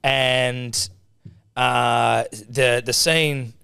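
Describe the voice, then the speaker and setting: A man hosting a relaxed podcast at an average pitch, in a dry, close sound. He talks loosely, stalls on names and restarts his questions, and swears casually. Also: very slow, vocal fry, clean tone, no echo. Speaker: podcast host.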